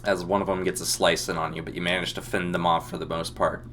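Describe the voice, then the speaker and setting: A man running a tabletop role-playing game as game master, narrating the scene in a relaxed way with frequent ums. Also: low-pitched, fast, a little hiss or hum. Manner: descriptive, relaxed, many ums.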